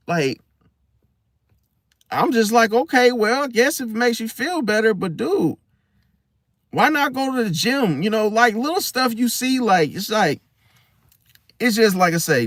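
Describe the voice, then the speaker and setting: A man with a high, very lively voice tells a rambling story in loose street slang. He hosts an astrology talk channel. The sound is close and dry, with no room around it. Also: no room sound. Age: adult, once married. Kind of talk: casual storytelling monologue.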